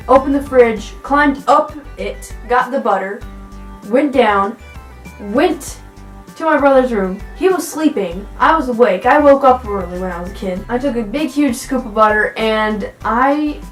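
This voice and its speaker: A young woman vlogger casually telling childhood stories to the camera, acting out quoted lines in a high voice. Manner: animated, acts out quoted voices in a high pitch. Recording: echoey room with faint music.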